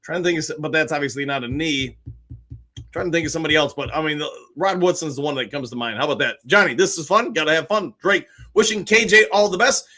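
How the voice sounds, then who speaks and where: A man hosting a fan live stream, chatting casually and reading viewer comments aloud with greetings and quick replies. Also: fairly high pitch, sharp tone.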